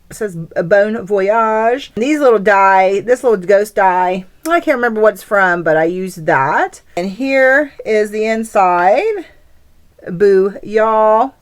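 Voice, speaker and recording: A woman hosting her craft channel, chatting casually and gushing over the crafts and gifts she shows. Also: mid-range voice. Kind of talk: casual craft show-and-tell.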